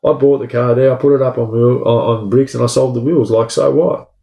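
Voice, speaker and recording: A young Australian man rattles off a casual story about his past with hardly any pauses, speaking a bit fast in a warm, mid-range voice with a steady tone and vocal fry. He rambles and swears a lot, saying "like" and "bro" often, in an echoey room.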